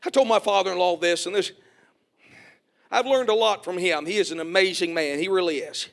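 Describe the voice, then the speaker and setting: A middle-aged man preaching a sermon. He calls for amens, jokes folksily, and swells to shouts. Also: sits high, a little fast, creaky. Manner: folksy, joking asides.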